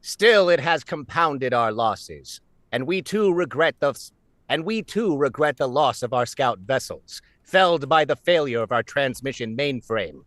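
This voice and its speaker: A man's voice: mid-range voice, animated, unhurried, a bit bright, no room sound. A man voicing a formal male alien admiral in a game, speaking in a stiff, stately way.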